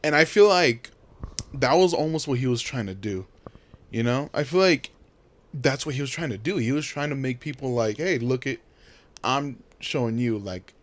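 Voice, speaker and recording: A man's voice: medium pitch, normal speed. Young male podcast co-host, rambling, filler-heavy chat, mid-range voice. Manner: rambling, many fillers, animated.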